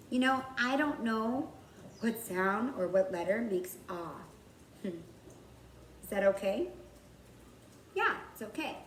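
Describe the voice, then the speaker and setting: Woman teacher, slow and patient, recorded off-mic in a roomy space. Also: mid-range voice, a little hiss or hum. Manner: slow and patient, sounding out words carefully. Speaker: kindergarten teacher. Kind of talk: recorded writing lesson for young children. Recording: roomy, from far off the mic, faint background ambience.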